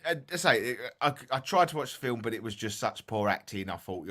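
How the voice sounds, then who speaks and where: A sleepy Essex man co-hosting a casual ghost-hunting chat. His voice sits a little low, and he trips over words as he reads his notes aloud. He sounds tired between yawns. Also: expressive, a little fast, pushed and bright. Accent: Essex English. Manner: chatty, tired and yawning, stumbles when reading aloud. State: sleepy, yawning. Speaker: podcast co-host.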